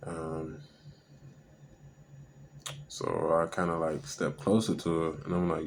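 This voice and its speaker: A man with a very low, gravelly voice tells a personal story in loose, slangy talk. He halts often on fillers, and faint noise sits under the voice. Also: little pitch movement. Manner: slangy and halting, with many fillers and restarts.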